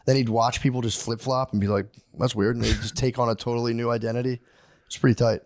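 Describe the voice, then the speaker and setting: A man rambling through a casual podcast chat, profane and quick to laugh. He drops into mocking put-on voices when he quotes people. His speaking pitch sits in the ordinary middle range for a man. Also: little pitch movement, a little mellow. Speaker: podcast co-host.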